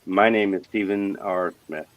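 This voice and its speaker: Deep-voiced easygoing man. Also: a little slow. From United States. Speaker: guest. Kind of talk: casual self-introduction. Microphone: video call.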